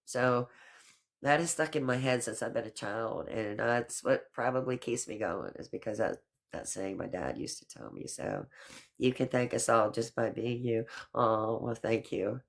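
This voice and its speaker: A woman's voice: rumbling low, expressive, normal speed, gravelly. A middle-aged woman hosting a casual live stream chat, talking in a chatty, affectionate way and calling people honey and girl.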